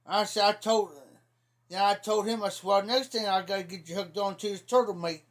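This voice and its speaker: A middle-aged man from Ohio hosts a casual livestream of rambling, folksy storytelling, repeatedly saying "I said." He talks fairly quickly, his high voice holding a steady tone.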